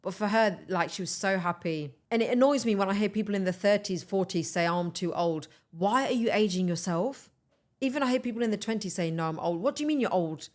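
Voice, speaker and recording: A young woman hosting a podcast, chatting in an animated, enthusiastic way and urging her listeners on. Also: mid-range voice, fast. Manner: animated, enthusiastic, talks straight to listeners as "guys". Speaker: podcast host. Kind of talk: casual motivational chat.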